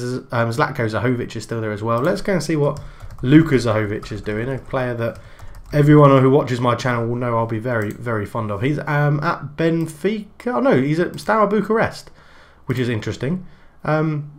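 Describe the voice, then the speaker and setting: Male gaming host, casual commentary, thinks aloud, mid pitch. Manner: chatty, thinking aloud with fillers and self-corrections.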